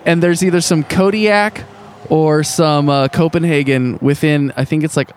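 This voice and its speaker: A man on a casual podcast, throwing out wry, teasing jokes. His voice is a little higher than most men's. He keeps the banter quick and offhand. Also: fairly even intonation, slight background noise. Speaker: podcast co-host. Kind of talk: casual chat.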